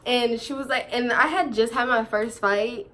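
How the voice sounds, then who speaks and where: A teenage girl tells a storytime vlog in casual chat, her voice fairly high. She's animated and slangy, laughing easily as she quotes what other people said.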